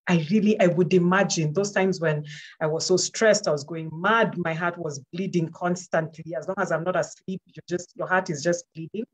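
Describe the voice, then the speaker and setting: A woman with a notably low voice speaks as a panel guest. She gives heartfelt personal testimony in an earnest, encouraging way, often repeating words for emphasis. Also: fairly even intonation, moderate pace, husky.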